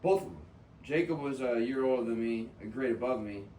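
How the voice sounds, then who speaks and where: A man's voice: medium pitch, fairly quick, dark tone, a little hiss or hum. A man on a casual podcast with friends, chiming in with short remarks and laughing a lot. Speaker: podcast co-host. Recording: roomy sound from a distant mic.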